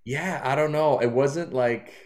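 A man's voice: medium pitch, unhurried, darkish tone. A man guesting as a comedian, telling rambling, self-deprecating stories in casual chat.

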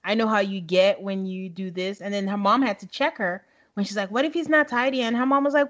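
A woman's voice: mid-range voice, fairly quick, few pauses, fairly bright tone, lo-fi sound. A woman co-hosting a podcast in casual chat, laughing often and talking things through. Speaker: podcast co-host. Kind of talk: casual chat recapping a reality show.

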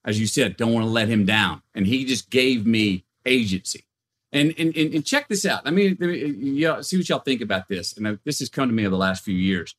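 A man's voice: medium pitch, brisk. Man telling stories with lots of restarts. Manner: animated storytelling, many restarts. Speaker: podcast guest. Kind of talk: casual podcast conversation.

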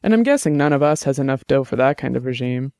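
A man's voice: medium pitch, expressive, quick pace, darkish tone, dry recording, studio quality, natural voice. A man voicing a wry, casual detective in an audiobook. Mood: rueful.

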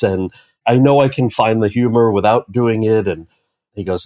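Low-voiced man telling a lively story. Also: a little fast, dry recording. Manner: animated storyteller, acts out quoted dialogue. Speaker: actor and author, interview guest. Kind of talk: storytelling in a conversational interview.

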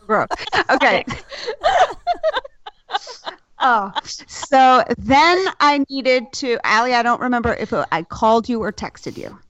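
A young woman telling a personal story in casual chat, candid and lively, swearing freely. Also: fairly high pitch, slow pace, long pauses, no echo. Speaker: guest telling her birth story. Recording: dull, dry sound.

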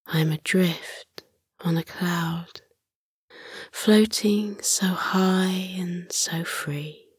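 A woman narrating a children's sleep meditation in a soft, breathy whisper, slow and soothing. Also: lowish voice, fairly even intonation, dry recording, clean studio sound. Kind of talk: whispered bedtime story narration.

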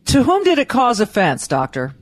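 A woman hosting an interview podcast, talking in a brisk, emphatic way. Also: fairly high pitch, huge pitch swings. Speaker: podcast host. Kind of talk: casual interview chat.

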